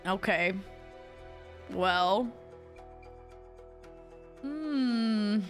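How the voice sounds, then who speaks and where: A woman's voice: mid-range voice, expressive, drawn-out words, faint music behind. A woman streamer chatting casually while playing a story game, giggly and talking to her chat.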